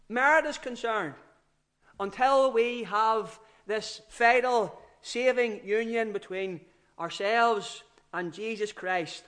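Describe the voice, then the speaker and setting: A man preaching a sermon, slow and emphatic, often repeating his key phrases and letting his voice drop low at the ends of phrases. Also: fairly bright tone.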